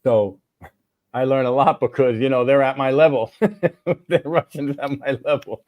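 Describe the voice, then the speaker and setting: Man, from New York, casual livestream guest, mid-pitched, dry close sound, acts out dialogue. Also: measured pace, no echo, lo-fi sound. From New York, USA. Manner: animated, acts out conversations, frequent restarts. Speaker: guest, English teacher.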